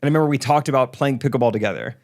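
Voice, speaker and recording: A man's voice: mid-range voice, very fast, darkish tone. A young man co-hosting a podcast, making dry joking asides and teasing in casual chat. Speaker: podcast co-host.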